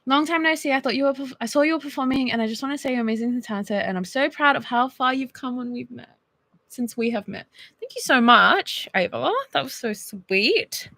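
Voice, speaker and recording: A woman's voice: high-pitched, fairly quick, creaky, bright, forceful tone, no echo. A young Australian woman in her early twenties, chatting casually and giggling as she reads viewer texts on a stream. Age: 20s. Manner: chatty and giggly, lots of fillers. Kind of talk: casual chat.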